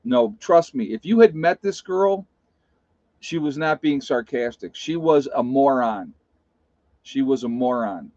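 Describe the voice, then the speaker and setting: A man's voice: mid-range voice, expressive, a little slow, a little mellow, no echo. A man hosting a casual live stream, talking bluntly and telling stories to his chat. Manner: blunt, plain-spoken storyteller. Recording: dull lo-fi sound.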